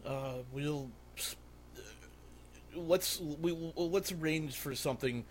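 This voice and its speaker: A man's voice: fairly high pitch, slight background noise, voice pushed up. A man doing a flustered nobleman consul. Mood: uneasy. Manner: halting, flustered. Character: shaken middle-aged nobleman consul.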